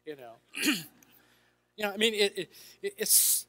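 A man's voice: high-pitched, expressive, a little slow, sharp tone. An older man, a Christian counselor, telling stories to an audience and acting out the dialogue in shifting voices. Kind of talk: storytelling talk to an audience. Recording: reverberant hall with faint music.

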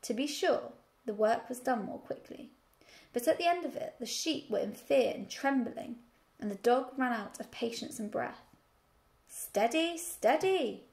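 Woman teacher, reading aloud, steady storytelling, fairly high, gravelly. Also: moderate pace.

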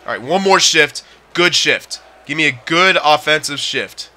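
A young man commentating his own hockey video game, frustrated, yelling at teammates and sighing. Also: a little high, lively intonation, a little slow. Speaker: gaming channel host. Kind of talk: live gameplay commentary.

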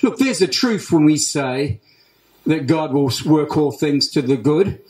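An Australian man preaching a sermon as pastor, emphatic, repeating key phrases with deliberate pauses. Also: a little high, lively intonation, a little mellow. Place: church hall. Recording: roomy church hall echo.

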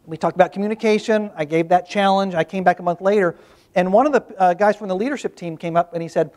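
A man with a high-pitched voice presents to a workshop audience in a presentation room. He talks in an easygoing, storytelling way, doubling back on his words and adding little asides as he goes. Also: fast, a little mellow. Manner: conversational storytelling with restarts and asides. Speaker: corporate workshop speaker.

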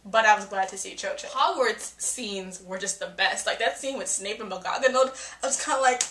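A young woman giving a casual, profane movie reaction vlog, excitable and acting out her reactions. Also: medium pitch, fast, hardly any pauses. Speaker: film reviewer. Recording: echoey room.

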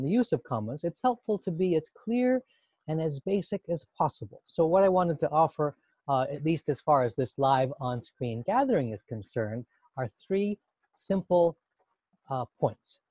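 Husky man teaching grammar slowly. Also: fairly high pitch, a little mellow, dry recording. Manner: measured, repeats key points slowly. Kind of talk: explaining grammar in a live online session.

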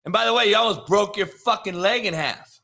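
A man hosting a sports talk show, ranting in a heated, profane way that swings from muttering to shouting. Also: sits high, a little fast, gravelly.

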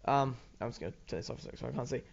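A man's voice: medium pitch, very fast, vocal fry, muffled recording. A teenage boy with an Australian accent, rambling casually over gameplay with lots of ums, restarts and swearing. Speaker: gaming YouTuber.

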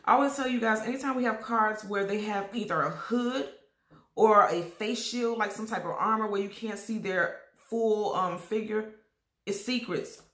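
Throat-clearing woman reading tarot, echoey room. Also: mid-range voice, normal speed, fairly bright tone. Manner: repetitive, emphatic, addresses viewers directly. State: keeps clearing throat and coughing. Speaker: tarot reader. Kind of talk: casual tarot reading to camera.

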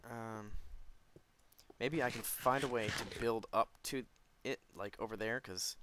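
A man narrating his own game play in chatty commentary, jumpy and quick to yelp and laugh. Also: fairly low pitch, noisy background. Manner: chatty, jumpy, yelps and laughs when startled. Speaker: let's play gamer.

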